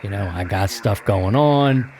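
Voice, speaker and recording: A middle-aged man hosts a casual hobby podcast in a lowish voice. He rambles easily from thought to thought, dotting his talk with fillers. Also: unhurried, darkish tone, faint music behind. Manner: rambling, easygoing, many fillers. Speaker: podcast host. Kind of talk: casual ham radio chat.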